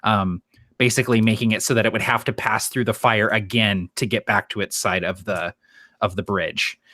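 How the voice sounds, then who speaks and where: Male player, bright forceful voice, eager questions, dry sound. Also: fairly low pitch, steady tone, moderate pace, dry recording. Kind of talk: casual chat at a game table.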